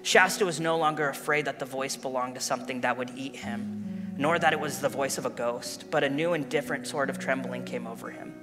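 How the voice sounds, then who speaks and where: A male pastor preaching a sermon, telling and reading a story in an earnest, animated way. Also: mid-range voice, brisk. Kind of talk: sermon with read-aloud story. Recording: long hall reverb with guitar music.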